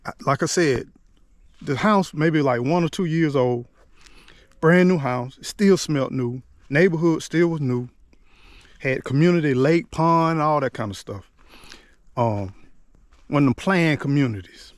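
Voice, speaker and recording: A middle-aged motivational vlogger tells a personal story to the camera in a chatty, loose way, often saying "man" and "you know what I'm saying" and repeating or restarting words as he recalls things. His voice is fairly high and a little slow, with long pauses, in a studio-quality recording without echo.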